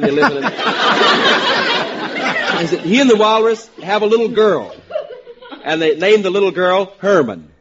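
A man on a panel pitching comedy gags, chuckling as he talks, on an old broadcast recording. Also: lo-fi sound, background noise. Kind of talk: joking brainstorm on a panel.

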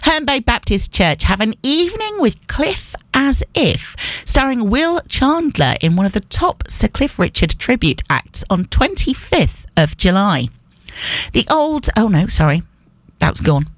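A woman's voice: mid-range voice, very animated, a little slow, no room sound. A woman presenting local radio, reading out event listings in a chatty way and joking about her own slips. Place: radio studio.

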